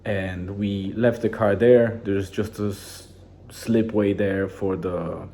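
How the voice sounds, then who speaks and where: Low, dark-voiced man rambling casually. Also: takes it slowly. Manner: rambling, relaxed, with many restarts and fillers. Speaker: vlogger. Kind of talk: casual daily journal vlog.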